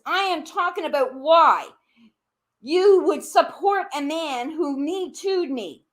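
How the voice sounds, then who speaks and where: Expressive and slow, a woman with a high voice delivers a heated live-stream rant aimed squarely at someone. She accuses them, asks the same questions repeatedly, swears, and her voice rises sharply in anger.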